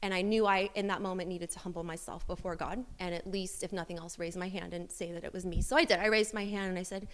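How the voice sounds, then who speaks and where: A woman's voice: on the low side, fairly even intonation, quick pace, few pauses. A woman sharing a personal church testimony, candid and self-deprecating, with many fillers and restarts.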